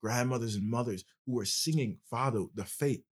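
A man's voice: mid-range voice, moderate pace, breathy edge. A male podcast host in casual conversation, explaining at length with passion.

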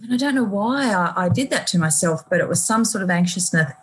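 A woman's voice: mid-range voice, animated, quick pace, breathy edge, poor audio. A woman radio host with an Australian accent, talking reflectively in an interview, with many fillers and restarts. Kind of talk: conversational interview.

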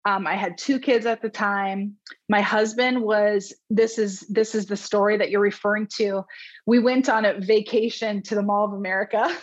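A woman's voice: mid-range voice, moderate pace, muffled recording. A woman in her thirties, a real estate agent, telling her story candidly in a chatty way full of fillers. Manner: candid, animated, many fillers like "like" and "um". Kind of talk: conversational storytelling.

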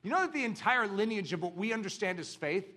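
Guy preaching a sermon, high and bright, acts out voices, super animated. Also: quick pace. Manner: animated, acts out quoted voices, rhetorical questions.

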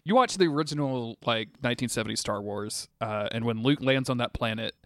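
A man's voice: medium pitch, a little fast, dry recording. Profane, rambling male podcast co-host. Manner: profane, rambling, trails off mid-sentence. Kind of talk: casual chat.

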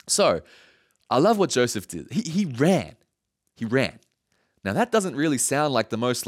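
A man preaching a sermon, retelling a story in an animated way with jokes and chuckles. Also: mid-range voice, measured pace. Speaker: pastor.

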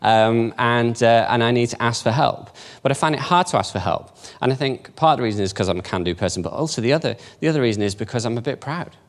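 A man's voice: mid-range voice, animated, fast talker, hardly any pauses. A man in his fifties giving an informal, conversational talk in a church, self-deprecating and asking the audience questions. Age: 50s. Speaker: church speaker.

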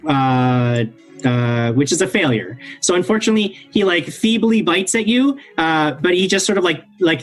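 A man narrating as game master of a tabletop game, rambling with lots of "like" and "uh". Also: a little high. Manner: rambling, filler-heavy, laid-back.

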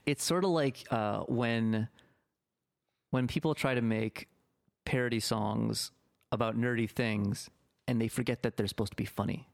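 A man's voice: mid-range voice, fairly even intonation, unhurried, creaky. A man complaining dismissively in casual podcast chat.

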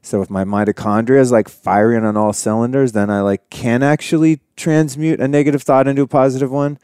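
A man's voice: medium pitch, fairly even intonation, fairly quick, mellow, clean tone, dry recording, studio quality. A man hosting a podcast, talking in a casual, rambling and upbeat way with lots of fillers. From California. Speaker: podcast host. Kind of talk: casual conversation.

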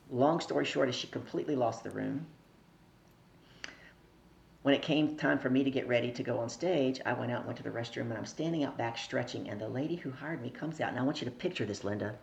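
A woman's voice: rumbling low, vocal fry, lo-fi sound, slight background noise. A middle-aged woman, a podcast guest, telling a story in conversation and acting out the people she quotes.

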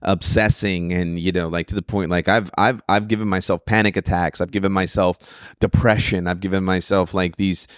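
Rambling, profane man with a low voice. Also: fairly even intonation, moderate pace, no echo, studio quality. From Sacramento. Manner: rambling storytelling with frequent profanity and restarts. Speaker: stand-up comic guest. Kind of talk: casual podcast chat.

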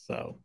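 A man's voice: a bit bright, no echo, clean studio sound. A man co-hosting a casual podcast, joking, laughing often and slipping into mocking voices. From Irish. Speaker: podcast co-host.

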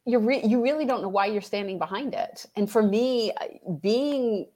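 A woman's voice: mid-range voice, warm tone. A woman coach being interviewed, speaking reflectively, restarting her sentences and acting out conversations with clients. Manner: reflective, halting with restarts, acts out client dialogue. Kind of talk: casual interview chat.

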